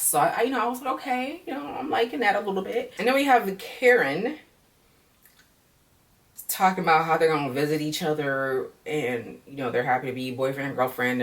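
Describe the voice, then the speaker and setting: A woman recapping a reality show in a sassy, animated casual vlog, tagging many lines with "okay". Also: low voice, far from the mic.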